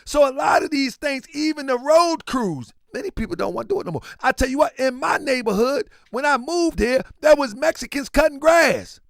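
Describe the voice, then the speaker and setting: Animated, gravelly man commentating. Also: very high voice, moderate pace, few pauses, no room sound, studio quality. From Baltimore. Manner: animated storyteller, repeats "man" often. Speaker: show host. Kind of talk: casual commentary monologue.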